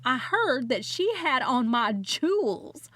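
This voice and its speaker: A woman's voice: high-pitched, sing-song, fairly bright tone, voice pushed up, heavily acted. A woman voicing a stern, wealthy Southern woman who screeches and draws out her words, with a Southern accent, in an audiobook. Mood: indignant. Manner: screeching, drawn-out, indignant.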